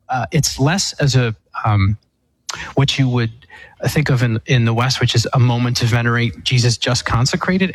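A man's voice: medium pitch, rough recording. Man, Eastern Catholic priest, explaining. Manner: explanatory, with frequent restarts and fillers. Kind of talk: answering a caller's question.

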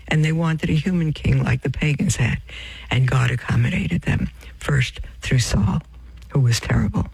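Male preacher, gravelly and a little husky, reads a religious text aloud and drifts into asides, close dry sound. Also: mid-range voice, darkish tone, no echo, poor audio. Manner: addresses listeners as beloved, reads with off-script asides and self-corrections. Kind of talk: sermon reading from a text with asides.

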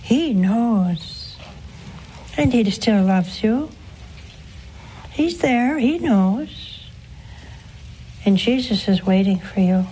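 A nun hosting a call-in show, preaching and answering callers in a slow, earnest way, swooping up in pitch for emphasis. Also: female voice, expressive, dark tone, a little hiss or hum, poor audio.

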